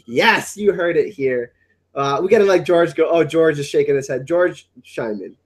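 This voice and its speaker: A man hosting a casual livestream chat, excitable and rambling, often repeating his words. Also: fairly high pitch, moderate pace. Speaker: livestream host.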